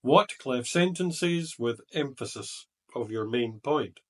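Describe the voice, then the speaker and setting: A middle-aged man teaching a writing lesson as an exam tutor, slowly reading out example sentences and explaining them. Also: mid-range voice, animated, far from the mic. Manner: slow, deliberate, reading example sentences aloud. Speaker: IELTS examiner and teacher.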